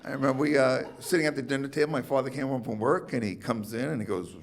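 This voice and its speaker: A man performing a rambling stand-up set, telling stories with his pitch swinging up for punchlines. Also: fast talker, crowd noise. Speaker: stand-up comic. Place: comedy club stage with audience. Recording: faint audience laughter.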